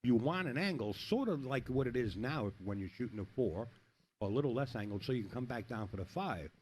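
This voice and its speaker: Commentating a pool match, a middle-aged man rambles and chats casually, telling jokes between shots. His mid-range, darkish voice is expressive and a little fast, with a bit of hiss or hum.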